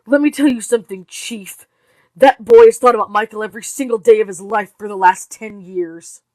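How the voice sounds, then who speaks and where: A tense, grieving mother with a clipped, intense delivery, pushed higher and louder than normal talk, as a woman reads her part. The read is dry and close-miked. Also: fairly quick, no echo, lightly acted. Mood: furious.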